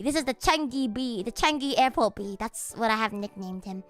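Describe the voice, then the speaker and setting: A woman streamer chatting casually on a livestream, excitable and swearing freely, often breaking into laughter. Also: a little high, normal speed, faint music behind.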